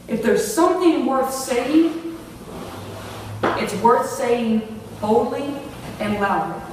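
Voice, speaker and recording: A woman's voice: a little high, animated, takes it slowly, long pauses, slight background noise. Woman preacher, earnest, restarts often; distant, reverberant hall sound. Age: older. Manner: earnest, many restarts and asides. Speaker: youth ministry speaker. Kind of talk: sermon. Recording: echoey hall from far off.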